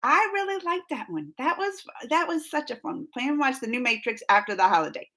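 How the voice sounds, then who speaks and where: Hosting a live stream, a young woman chats casually with her viewers in a high voice, speaking a little fast. She reads their comments, laughs a lot and gushes with excitement.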